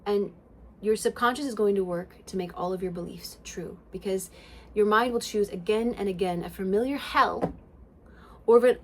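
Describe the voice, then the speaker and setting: A woman talks straight into her own podcast in an emphatic spiritual self-help monologue. She swears freely and swings between loud bursts and hushed passages. Her pitch sits in the middle range for a woman. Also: moderate pace, a little hiss or hum. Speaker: podcast host.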